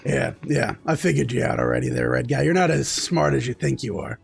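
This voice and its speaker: A man's voice: mid-range voice, expressive, brisk, vocal fry, breathy edge, faint music behind, heavily acted. A man voicing a brash, teasing green-skinned ghoul man in a tabletop game. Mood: cocky banter. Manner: cocky, teasing.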